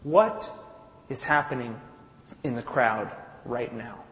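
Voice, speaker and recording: A man's voice: medium pitch, slow, a bit bright. A man preaching a sermon, retelling a scene with dramatic storytelling. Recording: echoey hall, dull sound.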